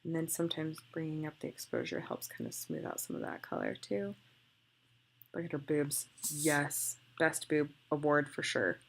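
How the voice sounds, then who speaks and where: A woman's voice: low-pitched, big pitch swings, normal speed, gravelly. A young woman photographer talking through her photo edits in a chatty, gushing way, thinking aloud as she clicks. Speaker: photographer demonstrating photo editing. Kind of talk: casual screen-recorded tutorial.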